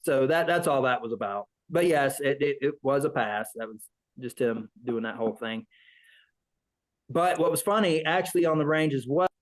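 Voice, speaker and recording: A man's voice: medium pitch, animated, moderate pace, rough recording. A man, a veteran, telling a rambling story in an interview, acting out the voices of people he quotes. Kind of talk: casual storytelling.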